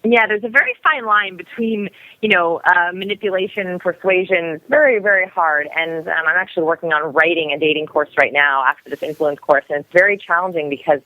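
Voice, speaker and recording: A young woman who talks quickly and energetically, explaining as a guest expert in a podcast interview. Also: on the low side, no room sound. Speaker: guest expert on body language. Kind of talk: podcast interview over the phone. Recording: dry, tinny phone line.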